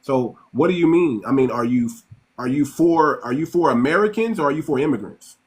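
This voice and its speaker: A man's voice: fairly high pitch, expressive, a little fast. A male host pressing a guest with confrontational questions in a political debate. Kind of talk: political debate on a talk stream.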